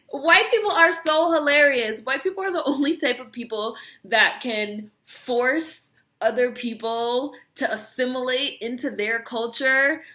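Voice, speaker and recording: A woman's voice: on the high side, sharp tone. A woman vlogger ranting to camera, profane, sarcastic and mocking, with speech. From United States. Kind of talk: heated rant to camera.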